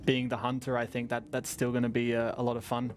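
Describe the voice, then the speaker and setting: A man's voice: medium pitch, monotone, fast talker, slight background noise. An Australian man in his twenties, a racing driver answering press conference questions in a chatty, rambling way with lots of laughter.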